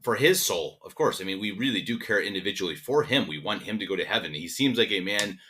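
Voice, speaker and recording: A man's voice: on the low side, animated, quick pace, a loud crowd. A man co-hosting a podcast in casual chat, emphatic and ranting, often repeating words as he gets worked up. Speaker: podcast co-host.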